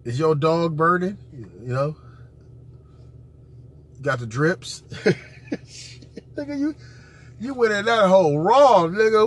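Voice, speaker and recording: Husky, high-pitched male host, profane mocking reaction commentary, slow drawl. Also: animated. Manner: loud mocking asides, swinging from squeals to low growls. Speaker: podcast host reacting to audio.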